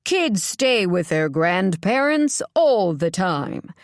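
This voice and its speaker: A smug, taunting older father in an audiobook, as a woman narrator puts him on. He talks down to his family with easy condescension, his voice sitting fairly low and close and dry. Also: very animated, slow, no echo, exaggerated voice. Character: domineering, taunting adoptive father, older man.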